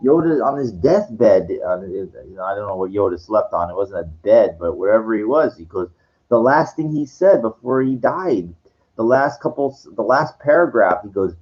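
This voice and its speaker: A man's voice: mid-range voice, expressive, fairly quick. A tired, sugar-hyped man rambling in a casual monologue, full of stuttering restarts and swearing, on a dull lo-fi recording. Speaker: channel host.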